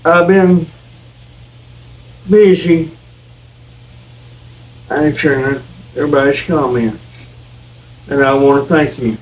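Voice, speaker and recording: A man's voice: on the high side, slow pace, pauses often, recorded from a distance, rough recording. An older man with a Kentucky accent, the host's husband, talking in a folksy, easygoing way while he tastes the food.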